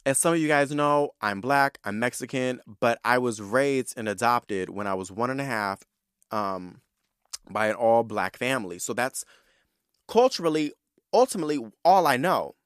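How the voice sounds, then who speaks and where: A young adult man from San Diego hosts his own podcast, spinning personal stories in a loose, chatty flow. He curses freely and throws sass straight at his listeners. His voice sits in an ordinary middle pitch, recorded close with a dry, deadened sound. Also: normal speed, smooth, no echo. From San Diego, California. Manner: animated, profane and sassy, addressing listeners directly. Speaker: podcast host. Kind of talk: casual solo storytelling.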